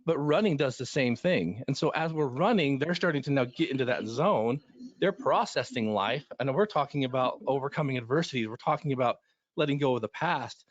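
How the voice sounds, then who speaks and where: A man's voice: medium pitch, animated, a little fast, no echo. Man, middle-aged, coach, earnest, rambling, dry, muffled lo-fi. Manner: earnest, rambling with many restarts. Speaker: recovery running coach. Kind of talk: panel discussion storytelling. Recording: slightly dull lo-fi audio.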